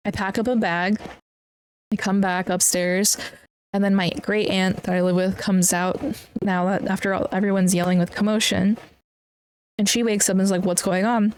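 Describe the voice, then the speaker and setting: A woman's voice: mid-range voice, a little hiss or hum. A young woman hosting a podcast, telling a personal story bluntly with lots of swearing and plain upset. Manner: blunt and heavily profane, upset while recounting. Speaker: podcast host.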